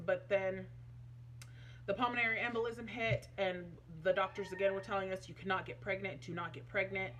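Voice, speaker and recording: A young adult woman with a medium-pitched, fairly bright, rather flat voice speaks briskly over slight background noise. Vlogging casually, she tells a personal story in a chatty, emotional way, using many fillers.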